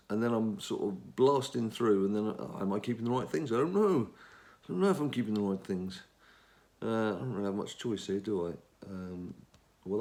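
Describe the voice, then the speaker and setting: A man's voice: fairly low pitch, darkish tone. A middle-aged English man giving casual commentary on a mobile game he is playing, rambling and talking to himself as he plays. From England. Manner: chatty, rambling, talks to himself while playing. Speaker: gaming channel host.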